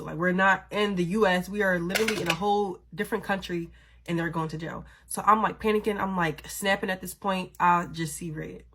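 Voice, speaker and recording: A woman vlogger telling a story in a casual, animated, dramatic way, swearing freely. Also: fairly low pitch, fairly quick, slight background noise.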